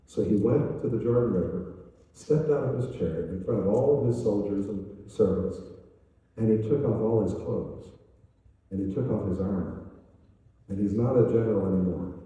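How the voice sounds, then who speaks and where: An older evangelist preaches a sermon, telling a story with animated energy and putting on its voices. His tone is very dark and mellow. He sounds far from the mic, with long reverb from a large church hall. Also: on the low side, normal speed. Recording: echoey hall, voice from a distance.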